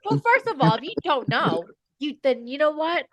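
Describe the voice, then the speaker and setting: A woman co-hosting a podcast in an excited casual chat, bubbly and peppering her talk with "like". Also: sits high, moderate pace, over a noisy crowd. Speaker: podcast co-host.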